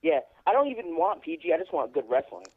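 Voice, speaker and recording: A man's voice: fairly high pitch, big pitch swings, fast, breathy edge. A man calling in to a wrestling show, blunt and eager in casual chat. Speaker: caller. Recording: tinny phone line.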